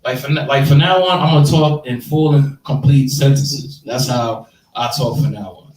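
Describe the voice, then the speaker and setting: A man in his thirties doing a stand-up set, animated and slangy, chatting with the audience. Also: medium pitch, moderate pace. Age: 30s. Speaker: stand-up comedian. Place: live comedy show room. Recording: echoey room, mic from far off.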